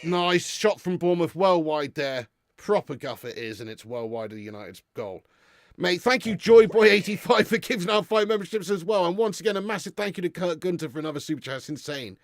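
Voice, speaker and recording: A man's voice: high voice, lively intonation, brisk, no echo, studio quality. A man hosting a live football watch-along, joking and laughing as he thanks viewers for super chats.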